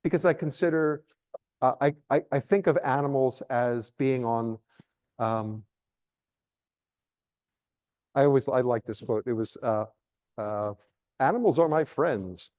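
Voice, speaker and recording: A man's voice: mid-range voice, moderate pace, darkish tone. A middle-aged man giving a live lecture on nature as a naturalist, playful and theatrical, joking with his audience.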